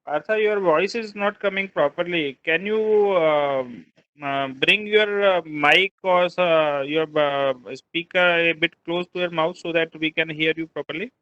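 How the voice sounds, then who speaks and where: A man's voice: on the high side, clean tone, no room sound, lo-fi sound. A man moderating a webinar over a video call, politely asking the speaker to come closer to his mic. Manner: polite, halting requests.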